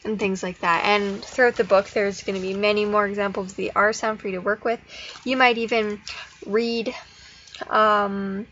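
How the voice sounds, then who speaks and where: A woman's voice: medium pitch, level tone, a bit bright. Woman explaining speech practice, dull recording. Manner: casual, encouraging, slows into sing-song when modeling phrases. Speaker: speech therapy student demonstrating activities. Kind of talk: instructional explanation with modeled child-directed prompts. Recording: slightly dull audio with faint noise.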